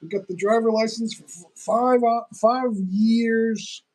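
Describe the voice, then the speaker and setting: A middle-aged man hosts a meandering phone livestream, eating and sounding tired as he chats, with many restarts. He speaks slowly in a very high, steady, slightly mellow voice, and the audio is poor.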